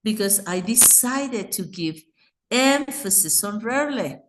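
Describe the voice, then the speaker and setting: Slow, patient Mexican English teacher. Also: female voice, medium pitch, animated, echoey room, slight background noise. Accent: Mexican Spanish. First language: Spanish. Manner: patient, explanatory, asks students questions. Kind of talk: online grammar lesson.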